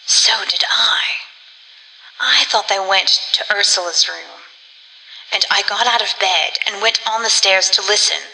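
A woman voicing a harsh, miserly older woman who snaps and sometimes drops to a hushed whisper. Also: mid-range voice, unhurried. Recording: long reverb.

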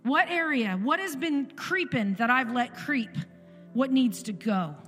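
This forties-aged woman's voice sits high and fairly bright, a little slow, with lively intonation. As a guest speaker in a church sanctuary, she gives an emphatic sermon testimony full of repeated phrases, recorded in an echoey hall with music.

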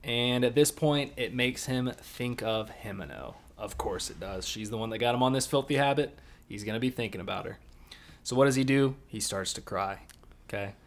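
Young male podcast co-host, casual and jokey, with loud bursts of emphasis and a mid-range voice. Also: medium pitch, normal speed. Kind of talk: casual chat recapping an anime episode.

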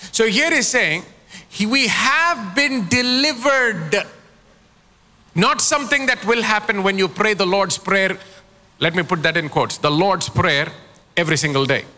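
Calling out to his congregation to respond, this man preaches as their pastor with a forceful, bright, high-pitched voice. The space leaves a long reverb tail behind him.

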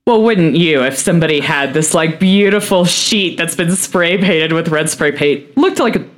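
A man's voice: fairly high pitch, expressive, moderate pace, a bit bright. A man co-hosting a podcast, chatting easily with lots of "like" fillers and wry asides. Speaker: podcast co-host. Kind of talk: casual chat.

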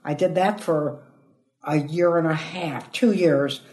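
A woman, a comedian telling stories in an interview with a chatty, lively manner that swoops up for emphasis. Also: low voice, slow pace. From United States (Ohio). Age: 80s. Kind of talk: animated interview storytelling. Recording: echoey room.

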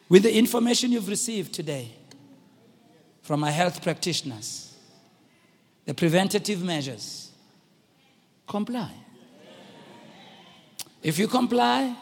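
Preacher guy, really high husky voice, goes quiet then shouts, big echoey church hall. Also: sing-song, measured pace, pauses often. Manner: swings from hushed storytelling to loud exhortation. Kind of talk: sermon. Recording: long hall reverb.

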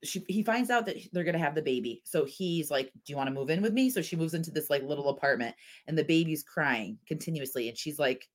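A woman co-hosting a casual podcast chat, telling stories with lively acted-out quotes and frequent laughter. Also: low-pitched, brisk, hardly any pauses. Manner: animated storytelling, acts out quotes, laughs often. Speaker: podcast co-host.

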